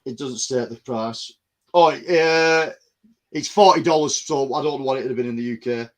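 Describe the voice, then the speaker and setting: A podcast co-host from the North West of England chats casually, rambling with plenty of ums. He speaks at normal speed in a medium-pitched voice.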